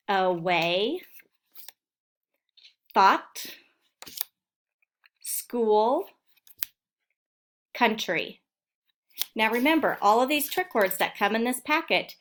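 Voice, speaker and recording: A woman teacher giving a recorded phonics lesson to young children, sounding out words slowly and clearly. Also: fairly high pitch, fairly bright tone. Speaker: elementary school teacher.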